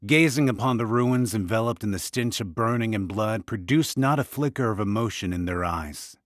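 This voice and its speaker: A man narrating an audiobook in a scripted, expressive delivery. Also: fairly low pitch, normal speed, no echo, clean studio sound.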